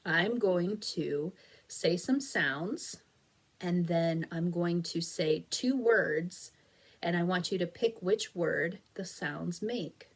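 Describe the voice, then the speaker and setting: A woman's voice: lowish voice, slow. A woman teaching an early reading lesson for young children, patient and encouraging, sounding out and stretching words carefully. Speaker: elementary school teacher. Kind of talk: slow, clear phonics lesson video for children.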